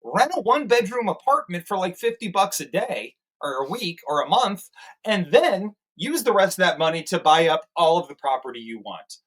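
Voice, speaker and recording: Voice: medium pitch, lively intonation, moderate pace. A co-host of a movie review show, throwing in sarcastic, profane jokes in casual banter. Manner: sarcastic, profane, mocking asides.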